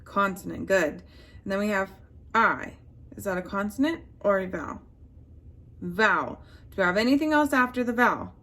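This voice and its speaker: A woman teaching a phonics lesson to young children, slowly sounding out words and prompting the class to answer. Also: medium pitch, expressive, pushed and bright.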